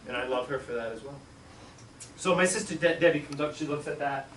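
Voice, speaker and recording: A middle-aged man, a school superintendent, telling a childhood story in an animated way, acting out voices and sound effects. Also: fairly high pitch, fairly quick. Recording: echoey room, distant mic, faint hiss.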